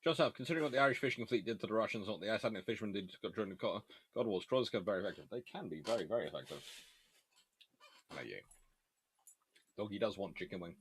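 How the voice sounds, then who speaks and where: A man with a lowish voice runs a relaxed live Q&A, reading out viewer questions and answering them in an easy, offhand way. He talks while eating between remarks. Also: very fast, pauses often, slight background noise. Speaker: host and naval historian. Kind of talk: casual live Q&A chat.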